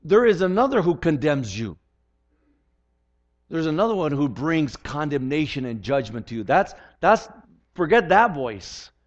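An older man's slightly high, sing-song voice moves unhurriedly through a sermon he gives as pastor. Earnest, he often repeats words when restarting sentences, and the recording is dull and lo-fi.

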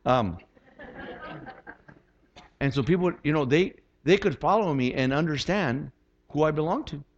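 A male pastor preaching a sermon in an animated, conversational way, often repeating words as he starts a thought. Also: on the high side, unhurried, dull audio.

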